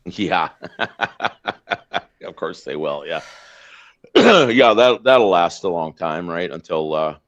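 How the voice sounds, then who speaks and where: Deep-voiced ranting Canadian man. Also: very animated, slow, fairly bright tone. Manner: blunt, ranting, many fillers and restarts. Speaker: podcast host. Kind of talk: casual political chat. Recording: slightly dull lo-fi sound.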